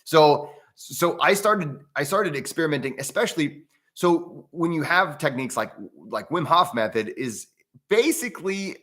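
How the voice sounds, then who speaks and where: Bright-voiced American man, rambling live. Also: medium pitch. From United States. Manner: rambling, with frequent restarts; reads out viewer comments and chats with them. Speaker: breathwork channel host. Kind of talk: casual livestream talk.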